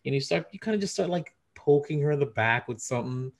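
A man's voice: mid-range voice, lively intonation, fast talker. Teasing rambling podcast man. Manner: teasing, rambling, searches for words. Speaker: podcast co-host. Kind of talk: casual chat among friends.

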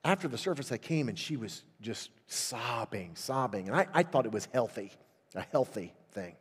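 A man's voice: mid-range voice, animated, normal speed, breathy edge. Man preaching a fervent revival sermon. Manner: storytelling, rising to loud fervent preaching. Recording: long hall reverb.

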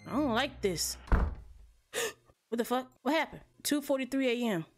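Woman streamer, horror let's play, lively bouncing pitch, fairly high voice, loud jumpy swearing reactions, chats to viewers. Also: normal speed, soft background music. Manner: chatty asides to viewers. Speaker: gaming streamer.

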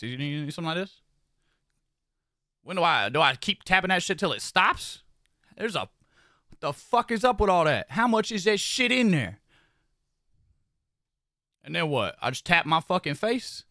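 A man's voice: on the high side, sing-song, normal speed, long pauses, bright, forceful tone, no echo, clean studio sound. A young man chatting casually on a livestream while doing his makeup, talking in a profane, slangy, rambling way and repeating his phrases. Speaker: streamer.

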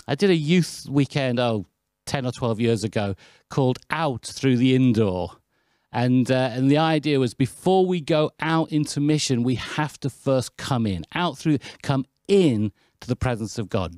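Man from the UK preaching; anecdotal, lively, dry close sound. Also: medium pitch, no room sound. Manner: anecdotal, chatty and lively, with self-deprecating asides. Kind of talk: sermon.

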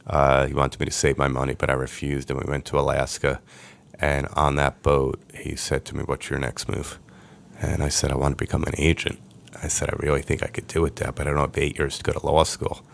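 A man, a podcast guest, telling his life story in a lively way and acting out the voices of people he quotes. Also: rumbling low, brisk, gravelly, slight background noise. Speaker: podcast guest, sports agent. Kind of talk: storytelling interview.

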